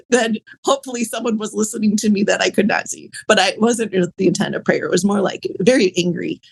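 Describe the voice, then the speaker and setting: A woman, a podcast guest, telling her personal story in a candid, rambling way, full of fillers and soft laughs. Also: mid-range voice, brisk, creaky, slightly rough.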